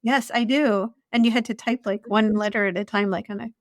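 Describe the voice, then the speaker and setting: This woman speaks fairly quickly with a mid-range voice and fairly even intonation, in clean studio sound without echo. She is a podcast co-host and former escort, keeping the chat casual, laughing readily and recounting stories.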